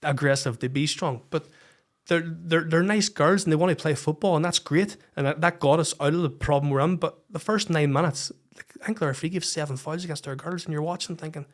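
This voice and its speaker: A Northern Irish man spins a football yarn in a fairly high voice, swearing freely and throwing himself into the telling. It is a relaxed interview, casual and unscripted. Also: a little fast. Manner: animated, swears freely, acts out heated quotes. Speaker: podcast guest, women's football coach.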